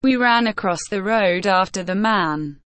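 A woman narrating a simple story in a measured, careful reading voice. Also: mid-range voice, fairly bright tone, dry recording. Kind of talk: slow graded-reader story narration.

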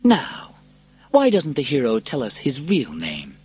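A man voicing a smug, cruel male Roman emperor who speaks slowly and mockingly, in a storybook reading. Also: mid-range voice, huge pitch swings, darkish tone, slightly rough, faint music behind, pitched above the performer's own voice, heavily acted. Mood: taunting. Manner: slow, mocking and sly.

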